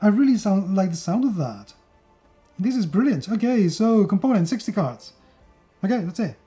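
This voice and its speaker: A man's voice: sits high, very animated, normal speed, mellow, soft background music. A man from Spain with a Spanish accent, chatting enthusiastically through a board game unboxing with plenty of fillers and restarts. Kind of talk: casual unboxing video.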